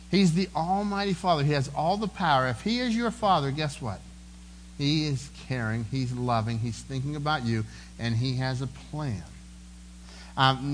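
A man's voice: medium pitch, a bit bright, a little hiss or hum, low-quality recording. A man preaching a sermon in an earnest, conversational way, often repeating words as he goes. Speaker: pastor.

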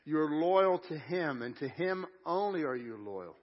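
A male pastor preaching to his congregation at a live service, his voice pitched a little high. He is earnest and drags out key scripture phrases for weight. The sound is slightly dull and lo-fi. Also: expressive, a little slow. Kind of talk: sermon. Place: church sanctuary at a live service.

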